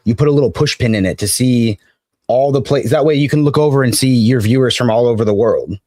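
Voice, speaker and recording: A man's voice: mid-range voice, quick pace, a little mellow, dry recording, clean studio sound. A man guest on a casual live stream, easygoing and eager to recommend things.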